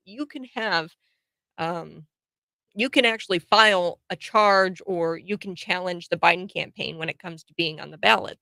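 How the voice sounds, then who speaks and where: A woman's voice: mid-range voice, dry recording. A woman hosting a casual political commentary show, talking to camera with lots of fillers, restarts and laughs. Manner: animated, laughs often, frequent fillers and restarts. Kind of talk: casual opinion monologue to camera.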